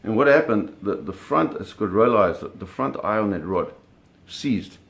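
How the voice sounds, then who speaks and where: A middle-aged man casually telling a story, animated, with sound effects and acted quotes. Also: on the low side, normal speed, gravelly. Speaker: storyteller recounting a fishing trip.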